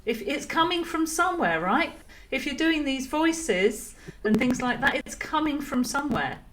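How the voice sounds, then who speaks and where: A woman's voice: high voice, animated, moderate pace, noisy background. Chatty woman on a spiritual talk show. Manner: chatty, laughs easily, hesitant fillers. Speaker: guest. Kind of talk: casual spiritual discussion.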